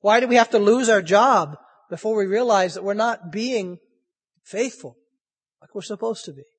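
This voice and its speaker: A male preacher with a high voice delivers an impassioned sermon full of rhetorical questions. His words ring out in a long reverb, like a spacious church hall. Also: moderate pace, slightly rough.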